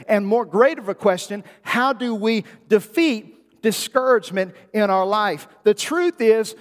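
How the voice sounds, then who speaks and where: A male pastor with a notably high voice delivers a sermon, moving from relaxed storytelling to emphatic, rising declarations. His voice rings through a church sanctuary with a long, hanging reverb. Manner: storytelling, builds to emphatic peaks.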